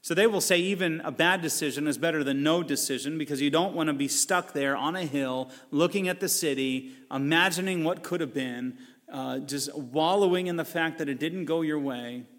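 Middle-aged guy preaching, bit higher voice, chatty sermon, big hall echo trailing off. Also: normal speed. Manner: conversational preaching with animated, mocking quoted voices. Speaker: pastor. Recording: long hall reverb.

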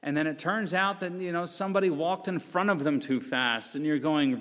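A middle-aged man delivers a sermon in a loose, conversational way, often acting out exasperated quoted voices. His voice sits a little high for a man. The sound rings out with a long hall reverb. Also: a little fast, hardly any pauses. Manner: conversational preaching with animated, mocking quoted voices. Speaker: pastor.

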